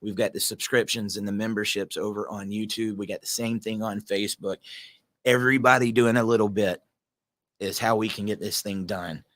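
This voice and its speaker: Earnest rambling Southern-accented man, lowish voice. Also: fairly even intonation, moderate pace, fairly bright tone. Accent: Southern American. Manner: rambling, earnest, repeats words. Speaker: podcast host. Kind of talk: casual solo talk.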